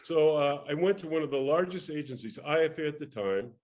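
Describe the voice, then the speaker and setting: In a casual interview, an older man animatedly relates a career anecdote, voicing the people he quotes and frequently starting over. He talks a little fast, with a somewhat high voice.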